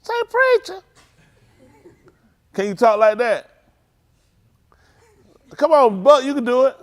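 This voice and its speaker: At a measured pace, this man pastoring a service teases young congregants by name in a playful, informal sermon with youth check-ins. The setting is a congregation hall. His voice is high and lively, leaping up in mock singing, with Southern Black vernacular phrasing.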